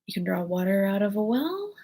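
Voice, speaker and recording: Smug rude storybook hatter, gravelly and husky, woman playing him. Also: medium pitch, big pitch swings, a little fast, warm tone. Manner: sighing, rude, triumphant.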